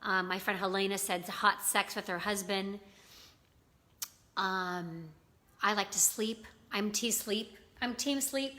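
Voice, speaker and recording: Speaking slowly in a medium-pitched voice that's bright and forceful, a woman runs a casual live stream. She reads comments, greets viewers by name, and chats with lots of filler words.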